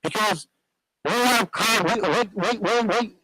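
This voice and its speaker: A man's voice: sits high, unhurried, pushed and bright, dry recording, poor audio. A man telling long stories as a guest on a radio talk show, rambling with many restarts.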